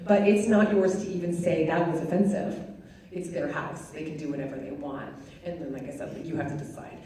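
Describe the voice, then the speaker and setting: A woman gives a chatty live talk with audience questions, her low, dark voice steady and a little fast, sprinkled with many fillers. The recording comes from an echoey hall through a distant mic, with faint noise.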